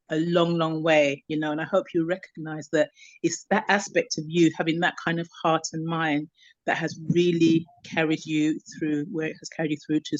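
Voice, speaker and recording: Brief: woman panelist, halting and sincere, dull video-call audio. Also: low voice, no room sound. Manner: warm, hesitant, many fillers. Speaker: panel member. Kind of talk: casual remarks on a video call.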